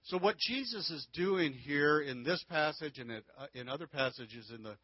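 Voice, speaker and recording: A man's voice: on the high side, expressive, normal speed, no room sound. Man, folksy church marriage talk, handheld mic, dry sound, slightly dull. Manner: folksy, conversational teaching with many restarts. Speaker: marriage teacher.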